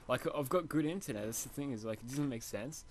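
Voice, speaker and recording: A man's voice: medium pitch, fairly quick, noisy background. A young Australian man with a slight lisp and a sniffly nose, rambling casually over his gameplay with lots of fillers. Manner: rambling, self-deprecating, many fillers. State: sniffly from hay fever. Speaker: gamer.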